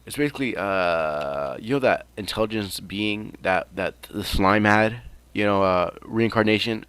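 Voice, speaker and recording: A man's voice: lowish voice, unhurried, fairly bright tone, clear, resonant tone. A young man telling an improvised fan story in a rambling, casual way, swearing freely and joking along. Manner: rambling, swears freely, laughs at own jokes.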